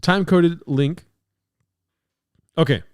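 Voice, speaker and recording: A man's voice: a little high, slow pace, darkish tone, smooth. A man hosting a podcast livestream from his apartment, rambling, swearing and laughing as he reads chat comments. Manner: rambling, profane, laughing a lot. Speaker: podcast host. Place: home apartment studio. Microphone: podcast mixer setup.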